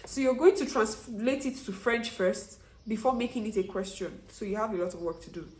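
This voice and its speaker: A woman's voice: mid-range voice, brisk, a little mellow, reverberant. A woman teaching French online, who puts questions to her learners and then answers them herself. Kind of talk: online language lesson.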